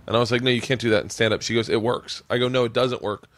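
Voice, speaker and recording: A man's voice: medium pitch, fairly even intonation, very fast, fairly bright tone. A man hosting a casual podcast, telling rambling stories full of swearing. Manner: profane, rambling storyteller. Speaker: podcast host.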